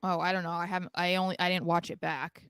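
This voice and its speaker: Bright, smooth-voiced woman recapping wrestling. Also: fairly low pitch, flat delivery, fast talker, dry recording. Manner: sarcastic, laughing asides. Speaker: podcast co-host. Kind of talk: casual wrestling recap chat.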